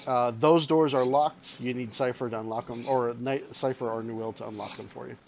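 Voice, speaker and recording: A man's voice: mid-range voice, fairly even intonation, fairly quick, vocal fry, darkish tone, slight background noise. A man running a tabletop game as game master, describing scenes and calling for rolls. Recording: dull lo-fi sound.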